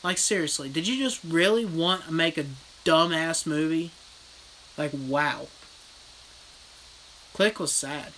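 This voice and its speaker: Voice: mid-range voice, slow pace, pauses often, a little hiss or hum, poor audio. A horror vlogger in a casual livestream rant, retelling a film bluntly with lots of swearing. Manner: blunt, profane, animated storytelling. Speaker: horror vlogger reading live chat.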